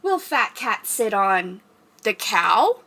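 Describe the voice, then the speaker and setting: A young woman with a medium-pitched voice rehearses a children's story time, reading slowly in an animated, sing-song teacher voice. She makes animal noises along the way.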